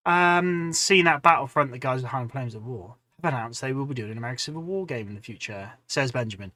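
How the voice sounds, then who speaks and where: Relaxed man chatting while painting. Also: medium pitch, quick pace, no echo. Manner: relaxed rambling, talks to chat viewers between tasks. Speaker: hobby livestream host. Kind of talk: casual chat while painting miniatures. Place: home.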